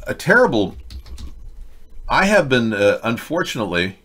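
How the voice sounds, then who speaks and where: A man's voice: medium pitch, big pitch swings, normal speed, a bit bright, husky. A man hosting a casual political commentary livestream, reading chat with rambling, sarcastic asides.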